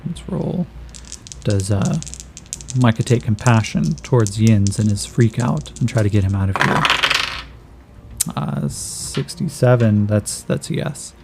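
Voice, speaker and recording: A man's voice: lowish voice, a little slow, creaky, noisy background. A man narrating a solo tabletop role-playing game, thinking aloud and calling out dice rolls in a casual way.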